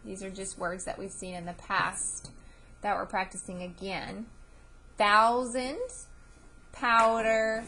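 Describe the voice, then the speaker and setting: A woman teaching a classroom spelling lesson, patiently repeating each word and letter sound clearly for her students. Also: medium pitch, a bit bright, slight background noise. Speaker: elementary school teacher.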